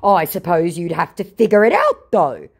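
An evasive, huffy male online scammer, as a woman reads him aloud, whining and indignant. The voice sits low for a woman and swings widely in pitch as it protests. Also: huge pitch swings, normal speed, darkish tone, husky, full character voice. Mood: defensive. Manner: indignant, wheedling replies read aloud.

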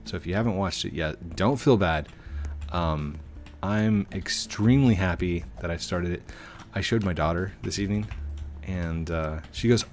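A man's voice: low voice, moderate pace, a little mellow. A middle-aged man hosting a gaming channel, chatting playfully and rambling to himself while he plays. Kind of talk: casual gameplay commentary. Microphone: desk microphone.

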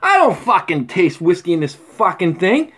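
A middle-aged man rambling crudely in a casual vlog, swearing constantly with rough humor. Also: high voice, sing-song, moderate pace, fairly bright tone. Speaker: vlogger. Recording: faint background noise.

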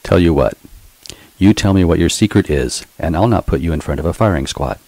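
A man voicing a gruff, impatient military general who speaks in a stern, curt way, in a storybook reading. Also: sits low, a little fast, warm tone, dry recording, low-quality recording.

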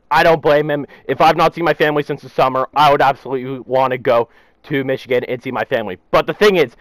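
A young man vents in a furious vlog rant, swearing nonstop, and his already high voice climbs higher whenever the anger peaks. It is recorded dry and close, with no room sound behind it. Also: no room sound, rough recording. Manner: furious, heavy swearing, rising to shouts. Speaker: hockey fan vlogger.

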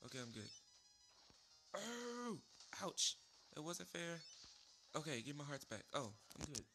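A man hosting casual gameplay commentary, rambling with fillers and breaking into high yelps and shouts at the game. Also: a little fast, gravelly. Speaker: let's play host. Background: game music.

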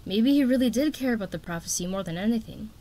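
A woman's voice: a little high, animated, fast talker, warm tone. Woman reading a storybook aloud. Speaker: audiobook reader.

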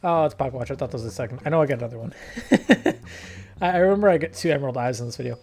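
A man's voice: medium pitch, very fast, gravelly. Jokey man commenting on gameplay. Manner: jokey, animated, mock-British asides. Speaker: let's play host.

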